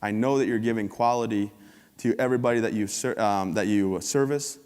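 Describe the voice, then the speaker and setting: A man's voice: on the low side, brisk, darkish tone, smooth. A man giving a humorous, upbeat motivational talk as a keynote speaker at a conference. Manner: joking, upbeat storyteller. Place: large conference hall. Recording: long hall reverb.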